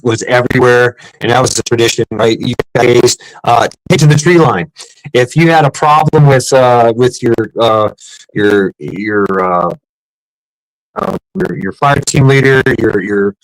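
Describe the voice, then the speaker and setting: A man's voice: medium pitch, no echo, rough recording. A man telling rambling, profane service stories in a casual chat, with many restarts and fillers. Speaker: podcast host, former Marine.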